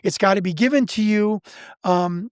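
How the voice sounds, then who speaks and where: A man from Chicago, a guest researcher, telling a story in an animated way, full of restarts and acted-out quotes. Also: sits high, normal speed, clean tone, no room sound, clean studio sound. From Chicago, United States.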